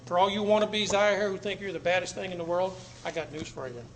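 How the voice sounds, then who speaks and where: An American man lecturing a live audience in a blunt, dramatic way, with sudden loud bursts. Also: sits high, quick pace. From United States. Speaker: public speaker. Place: meeting room with an audience. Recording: echoey room, faint background noise.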